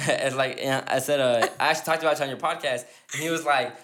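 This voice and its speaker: A man's voice: medium pitch, fairly even intonation, fast talker, a bit bright, echoey room. A man hosting a casual podcast, telling a rambling story full of restarts and laughter. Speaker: podcast host.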